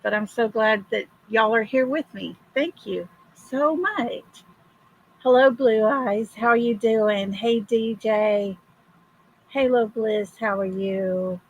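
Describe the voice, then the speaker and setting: Older woman, hoarse livestream host: slow, gravelly, husky. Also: on the high side, lo-fi sound, slight background noise. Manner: slow, friendly greetings to viewers. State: hoarse from illness. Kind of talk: casual livestream chat.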